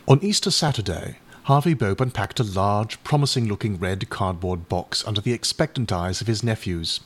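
A male audiobook reader narrates a classic short story. His voice sits low and the reading stays measured and even. The delivery is steady storytelling. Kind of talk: scripted narration.

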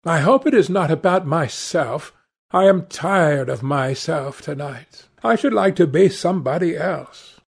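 A man reading aloud, voicing a petulant, languid young gentleman in an airy, careless tone. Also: fairly high pitch, a little slow, creaky, slightly rough, exaggerated voice.

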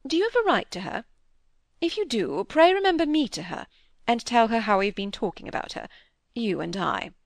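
A gallant bachelor gentleman of a period novel, as a woman narrator puts him on, polite yet pressing with his questions. The voice is dry and close, with no room around it. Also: on the high side, very animated, normal speed, gravelly, dry recording, heavily acted. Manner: courteous, probing. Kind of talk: audiobook character reading.

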